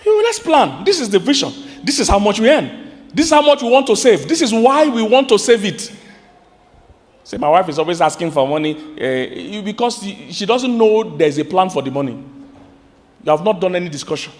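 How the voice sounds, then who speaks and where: Nigerian male pastor, high voice, lively live sermon, long hall echo. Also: brisk. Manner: animated preaching with sudden high-pitched outbursts; asks the congregation questions.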